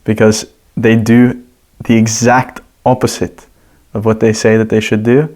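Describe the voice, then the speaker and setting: A man speaking as a podcast guest, laying out his argument in long, casual explanations built on examples. His voice sits low and stays fairly flat, with little rise and fall. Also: unhurried. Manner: explains points at length with examples. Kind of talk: casual conversational interview.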